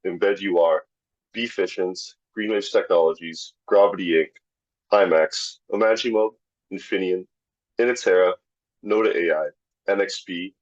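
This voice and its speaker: A man's voice: deep voice, a little mellow, dry recording, lo-fi sound. A man hosting a live online tech talk, introducing speakers and reading sponsor lists in an upbeat way. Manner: upbeat, reads sponsor lists, some restarts. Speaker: webinar host. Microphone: video call.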